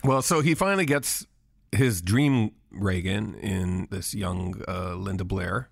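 A man co-hosting a podcast, calmly explaining film history in casual chat. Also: sits low, takes it slowly, gravelly, no room sound, clean studio sound. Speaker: podcast co-host.

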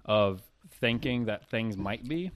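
A man's voice: on the low side, expressive, slow, no echo, clean studio sound. A man co-hosting a podcast in casual chat, talking in a profane, rambling way. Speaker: podcast co-host.

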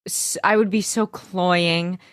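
A woman's voice: fairly low pitch, slow pace, dry recording, clean studio sound. A woman co-hosting a podcast, chatting casually and playfully about a TV episode, gushing and mimicking characters. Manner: animated, gushing, playful impressions. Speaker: podcast co-host. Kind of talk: casual recap chat. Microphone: video call mic.

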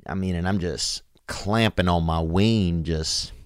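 A man hosting a show, telling a story in a meandering, halting way full of fillers and restarts. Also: sits low, clean tone, dry recording, clean studio sound. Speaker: podcast host. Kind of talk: rambling comic monologue.

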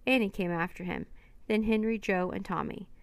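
A woman narrating a children's storybook in a steady, even reading. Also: mid-range voice, moderate pace, vocal fry, no room sound.

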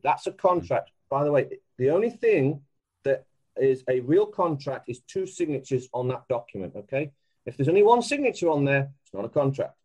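A man talking as a podcast guest in a casual, emphatic and animated way, laughing often. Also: fairly high pitch, rough recording.

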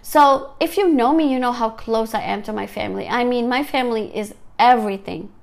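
A woman's voice: fairly high pitch, a little fast, creaky. A woman, an author and teacher, giving an earnest, emotional personal testimony. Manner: earnest, emotional, emphatic storytelling. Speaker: author and teacher sharing her story.

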